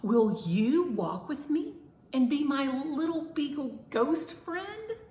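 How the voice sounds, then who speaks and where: A woman voicing a small, shy boy ghost with a soft, small voice. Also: high voice, sing-song, slow, voice pushed up, full character voice. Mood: happy. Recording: roomy echo.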